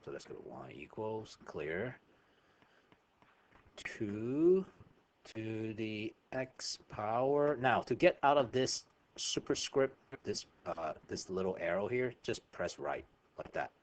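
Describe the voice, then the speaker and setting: A man's voice: lowish voice, big pitch swings, slow pace. A man teaching a math lesson over a screen recording, chatty and informal, often checking in with "right?".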